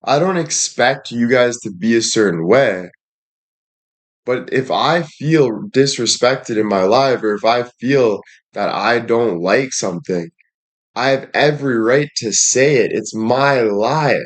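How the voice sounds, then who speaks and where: A man's voice: medium pitch, expressive, unhurried. A man livestreaming and addressing his chat in a heated rant, frustrated, swearing often and repeating himself.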